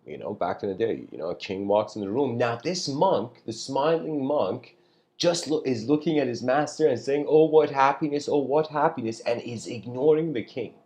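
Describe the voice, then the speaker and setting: A man giving a casual spiritual lecture, telling a story in a loose, rambling way and often clearing his throat. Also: medium pitch, expressive, normal speed, dark tone.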